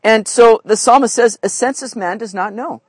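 High-voiced man preaching conversationally. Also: moderate pace, husky, no room sound. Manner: conversational, asks "right?" often. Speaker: pastor. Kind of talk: sermon.

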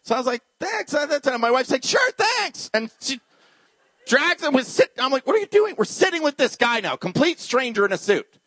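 A man preaching a sermon as a pastor, telling a personal story and acting out the dialogue, at times dropping to a hushed voice. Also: very high-pitched, animated, fairly quick, no room sound.

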